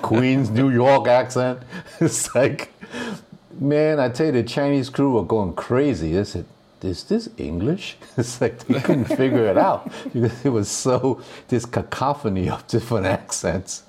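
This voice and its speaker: A man, an actor guest on a podcast, telling stories in a casual, animated way and laughing often. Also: mid-range voice, unhurried, husky. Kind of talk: casual chat.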